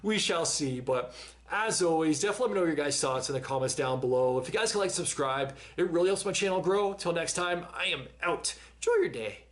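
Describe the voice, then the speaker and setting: A man's voice: fairly high pitch, animated, brisk. Chatty man hosting a reaction video. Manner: chatty, repeats and restarts words. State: out of breath. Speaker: reaction channel host. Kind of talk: casual reaction commentary.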